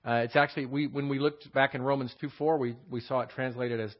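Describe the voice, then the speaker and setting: A man's voice: medium pitch, steady tone, fast talker. A man teaching a verse-by-verse Bible study, explaining words and asking rhetorical questions with many fillers. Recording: dull lo-fi sound.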